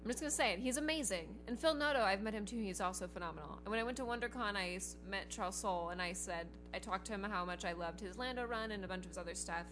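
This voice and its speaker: A woman co-hosting a podcast, chatting casually and gushing excitedly as a fan. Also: mid-range voice, fast, hardly any pauses, noisy background. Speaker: podcast co-host.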